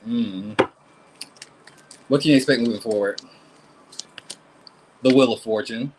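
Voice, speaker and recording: A man's voice: mid-range voice, a little slow, a little hiss or hum, rough recording. A man doing a casual live tarot reading, talking bluntly and swearing often. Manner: blunt, animated, swears and laughs a lot. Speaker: tarot reader.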